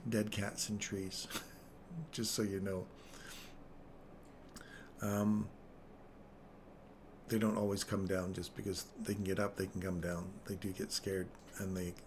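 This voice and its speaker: A man's voice: deep voice, slight background noise. A man telling a rambling story on a live trading stream, chuckling between phrases.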